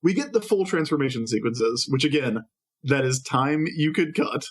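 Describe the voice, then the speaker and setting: A man co-hosting a casual fan podcast, playful and quick with jokey asides. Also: medium pitch, animated. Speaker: podcast co-host.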